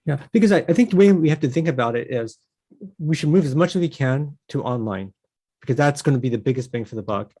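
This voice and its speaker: A man's voice: medium pitch, animated, quick pace, dark tone. A man on a city council, speaking in a rambling way with many restarts in a meeting discussion.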